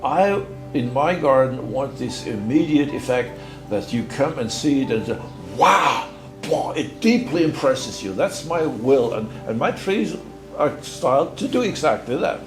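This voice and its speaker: A man's voice: mid-range voice, animated. Older man, hesitant, roomy echo. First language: German. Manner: halting, repeats words, rambling. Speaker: guest bonsai master. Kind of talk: casual explanation. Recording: roomy echo with faint music.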